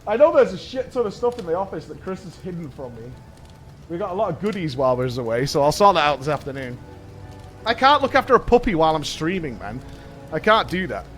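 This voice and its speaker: A man with a hoarse voice chatting excitedly with his stream audience, swearing freely and repeating himself as he reads chat. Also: a little high, fast, faint music behind. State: hoarse from shouting. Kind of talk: casual chat with a live audience.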